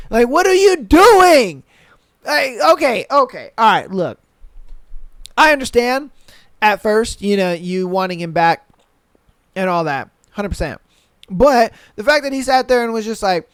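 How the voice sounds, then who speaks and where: A young man hosting a podcast, reading listener stories aloud and reacting with animated, profane commentary. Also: sits high, moderate pace, clean tone, no room sound, clean studio sound. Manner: animated, swears a lot, mocks with put-on quotes. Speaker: podcast host.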